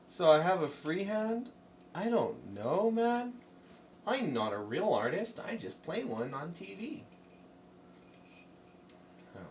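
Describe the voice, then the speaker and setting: While painting on a live stream, a man rambles and jokes, addressing his chat and sometimes just himself. His mid-range voice is sing-song and slow, with frequent pauses. He sits far from the mic amid faint room noise.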